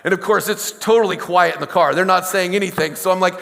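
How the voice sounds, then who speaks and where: A man's voice: high voice, fast, gravelly, fairly bright tone, in a large hall. A middle-aged man preaching a sermon as pastor, talking in a conversational way, with stories, asides and questions to the congregation. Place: church sanctuary.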